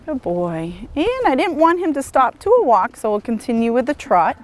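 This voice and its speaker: Woman horse trainer, mid-high voice, calm instructional delivery outdoors. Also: fairly quick, slight background noise. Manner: calm, encouraging, praises the horse often. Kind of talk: instructional demonstration.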